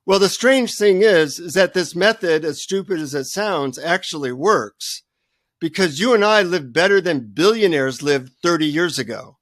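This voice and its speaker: An older man, a guest author, telling a self-deprecating story with lively energy in a radio interview. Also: a little high, moderate pace, no room sound, clean studio sound.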